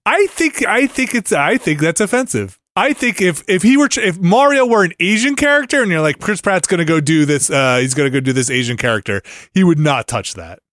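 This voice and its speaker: A man co-hosting a casual podcast, talking with a lively voice that rises and falls a lot. He laughs easily and lets some sentences fade into mumbles. The sound is close and dry, with no room around it. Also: sits high, fairly quick, hardly any pauses, no echo. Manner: animated, laughs often, trails off into mumbles. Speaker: podcast host. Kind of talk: casual chat.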